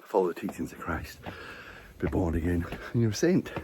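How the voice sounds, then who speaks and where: A man's voice: deep voice, animated, brisk, noisy background. A man vlogging outdoors while climbing stairs, a little short of breath, chatting in a rambling way and chuckling often as he reflects on faith. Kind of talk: casual walking vlog with faith reflections.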